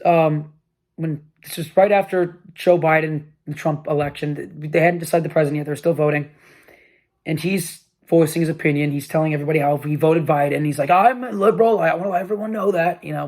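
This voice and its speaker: A young man talks straight to camera in a casual, rambling monologue, a touch high in pitch. He restarts his sentences often and sounds worn out and exasperated as he tells his story. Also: a little mellow. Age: young adult. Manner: rambling, frequent restarts and repeats. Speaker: vlog host. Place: room with a flag behind him.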